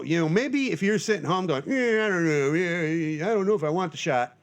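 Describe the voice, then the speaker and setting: A man's voice: a little high, vocal fry, fairly bright tone. Jokey rambling man podcast host. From Northern Michigan. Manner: jokey, rambling, self-deprecating. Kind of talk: casual rambling monologue.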